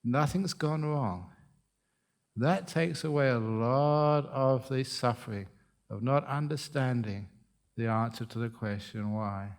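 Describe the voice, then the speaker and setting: A man who is a monk giving a humorous dharma talk, joking and often laughing at his own stories. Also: a little high.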